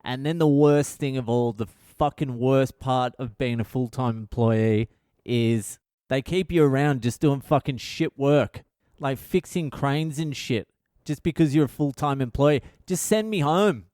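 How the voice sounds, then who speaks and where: A man's voice: medium pitch, steady tone, measured pace, mellow, clean tone, no room sound, studio quality. A man, host of a casual solo comedy podcast, telling rambling stories laced with swearing. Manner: profane, rambling comic storytelling.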